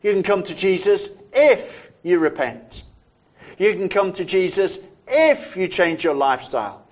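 A male preacher with a high voice delivers a sermon slowly and thoughtfully. He leans on repeated phrases to drive each point home. The recording is dull and lo-fi. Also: very animated. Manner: measured, reflective, repeats phrases for emphasis.

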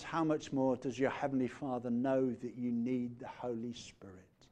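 Brief: male pastor, slightly higher voice, steady sermon delivery with softly fading line endings. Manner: measured, trailing off to hushed phrase endings; animated when retelling a parable.

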